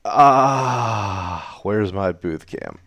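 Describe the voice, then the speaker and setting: Hosting a darts league broadcast from his home laundry room on a computer setup, a man calls the play-by-play playfully and theatrically, teasing the players. His voice is fairly low and a bit bright, animated, with drawn-out words.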